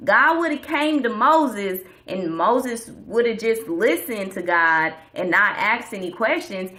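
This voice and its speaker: Woman, vlogger, casual faith talk, slangy, preachy, bright voice. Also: mid-range voice, lively intonation, slow.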